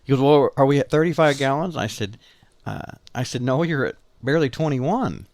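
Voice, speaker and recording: A man with a Southern Illinois accent spins a story with a lively, swooping pitch, jumping up high to act out the other people in it. The sound is dry and close, with no room echo. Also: fairly quick. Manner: animated storyteller, acts out quoted family voices. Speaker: podcast co-host. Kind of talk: casual storytelling chat.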